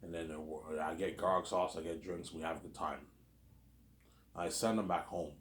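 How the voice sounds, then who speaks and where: Deep-voiced man rambling in a roomy space. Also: steady tone, normal speed. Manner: rambling, repeats fillers and tags constantly. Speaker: host. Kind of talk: casual rambling commentary. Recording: roomy echo.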